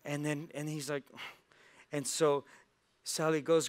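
A man's voice: on the high side, slow pace, a bit bright. A male pastor giving a sermon in a church, telling a story and acting out its characters' lines. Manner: storytelling with acted-out voices.

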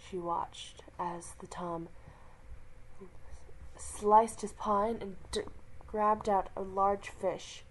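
A woman reading a roleplay story aloud, slow and halting with frequent restarts. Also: medium pitch, steady tone, a little hiss or hum, poor audio.

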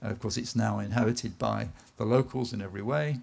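English guy, low gravelly voice, rambling slide talk with lots of uhs. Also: steady tone. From England. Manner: unhurried, anecdotal, with filler "uh"s and dips to a soft voice. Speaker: speaker at an art event. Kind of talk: live slide presentation. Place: event space in a garden venue.

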